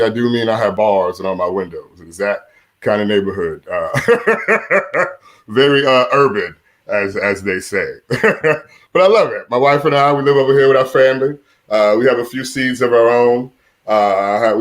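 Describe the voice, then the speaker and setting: Middle-aged male stand-up comic, deep voice, chuckles at his own punchlines, lots of "uh". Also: moderate pace. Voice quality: deep voice, often compared to Mufasa. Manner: chuckles at his own jokes, many "uh" fillers. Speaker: stand-up comedian. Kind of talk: stand-up comedy set. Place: seated in a room at home.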